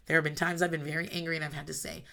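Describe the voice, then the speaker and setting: A woman's voice: low voice, little pitch movement, very fast, creaky, sharp tone. A mother in her thirties talking candidly about parenting, blunt and emphatic, swearing freely. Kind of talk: casual monologue.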